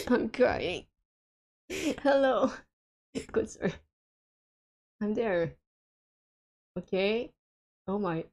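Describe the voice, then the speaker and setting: Woman, gaming streamer, casual chatter, giggly, hesitant, unhurried delivery, gravelly fry. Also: mid-range voice, animated, a little mellow. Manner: giggly, hesitant, many fillers and laughs. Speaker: streamer playing a co-op game with friends.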